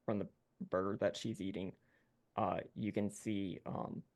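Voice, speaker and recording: A man narrating as game master in a rambling, halting way with many fillers. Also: on the low side, flat delivery, a little mellow.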